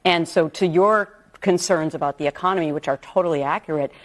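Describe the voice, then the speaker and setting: A woman's voice: low voice, a little fast. A woman on a news panel who earnestly questions and weighs in. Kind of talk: cable news panel discussion.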